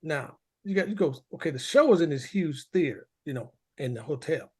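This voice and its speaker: Podcast guy telling a story, really animated, voice jumps all over, does the voices of everyone in it. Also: a little high, brisk, slightly rough. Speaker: podcast co-host. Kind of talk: casual storytelling chat.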